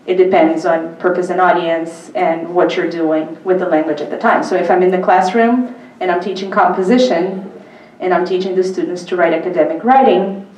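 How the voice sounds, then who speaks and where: A woman's voice: on the low side, moderate pace, a little mellow. A woman giving an academic lecture at a public symposium, speaking conversationally with frequent ums and uhs. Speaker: university lecturer. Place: lecture hall. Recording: echoey hall, mic from far off.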